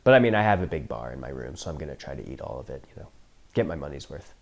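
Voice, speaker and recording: A man's voice: a bass voice, expressive, very fast. A man reacting to a movie for the first time, joking, sarcastic and swearing freely as he comments. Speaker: film reaction host.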